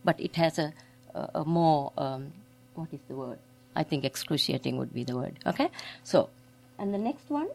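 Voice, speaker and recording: A woman delivering a keynote lecture in a slightly low voice, setting out her points in an explanatory way. She sometimes stops mid-sentence to hunt for the right word before carrying on. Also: normal speed, vocal fry, darkish tone. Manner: explanatory, reads extracts aloud, searches for words. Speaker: keynote speaker. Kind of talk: academic lecture.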